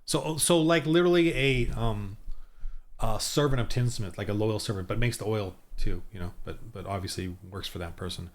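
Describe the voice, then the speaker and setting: A man with a fairly low voice works alone designing a tabletop game, rolling dice and building town characters while talking to himself. He mutters, breaks off mid-word and restarts, reasoning everything out aloud, with occasional keyboard typing in the background.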